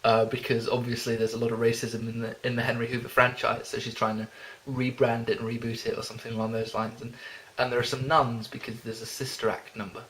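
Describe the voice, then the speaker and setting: Young male vlogger, mid-pitched, giggly and rambling, deadpan asides. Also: fast talker. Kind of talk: jokey self-introduction reading.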